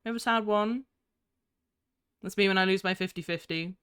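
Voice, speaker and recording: Casting: young woman streamer, bright and crisp, giggly chatter, sounds a bit sleepy. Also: medium pitch, moderate pace. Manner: giggly, chatty, easily distracted. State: tired. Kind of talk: casual live-stream chat.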